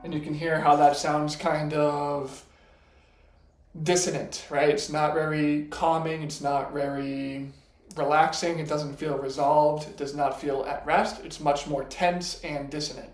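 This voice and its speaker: A man with a slightly high voice gives a relaxed, step-by-step piano lesson and counts notes out loud. The room is echoey. Piano notes ring out clearly between his lines. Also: a little slow. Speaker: piano teacher.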